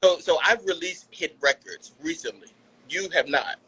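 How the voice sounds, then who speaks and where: A man's voice: on the high side, normal speed, bright, forceful tone, slightly rough, exaggerated voice, rough recording. A man playing a blunt, condescending music mogul who talks down to a pop star. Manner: condescending, cuts to the point.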